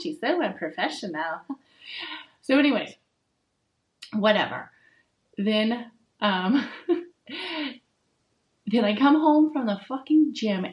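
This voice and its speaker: A young adult woman hosting a casual solo podcast from home, blunt, swearing freely and talking in an animated, chatty way. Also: mid-range voice, poor audio. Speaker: podcast host. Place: home with dogs.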